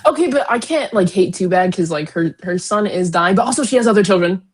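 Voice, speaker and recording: A young woman co-hosting a casual book discussion, retelling chapters in an animated way with lots of fillers. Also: medium pitch, fast talker, husky. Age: young adult. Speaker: podcast co-host.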